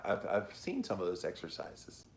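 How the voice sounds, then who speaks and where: A middle-aged man with a Southern accent, hosting a casual livestream and answering viewer comments in a chatty, encouraging, slow-spoken way. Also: deep voice, wildly swooping pitch, gravelly, background noise. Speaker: podcast host reading viewer comments.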